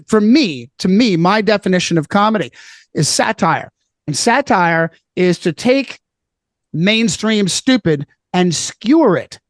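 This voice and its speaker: A man's voice: high-pitched, no echo. A man speaking as a podcast guest, emphatic and preachy, hammering his points by repeating phrases in casual chat.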